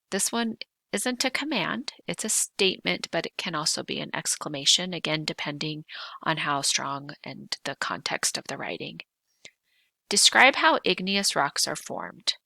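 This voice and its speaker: A middle-aged woman teacher giving a video grammar lesson, explaining patiently and clearly, slowing down to stress key points. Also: low voice, bright, forceful tone, no room sound.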